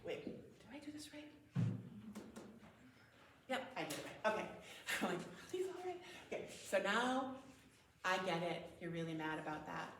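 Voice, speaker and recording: A woman's voice: lowish voice, very animated, normal speed, pauses often, heavy background noise. A woman giving a talk at a parenting conference, conversational, often acting out example phrases and laughing. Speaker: conference speaker. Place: church hall. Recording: echoey room, mic at a distance.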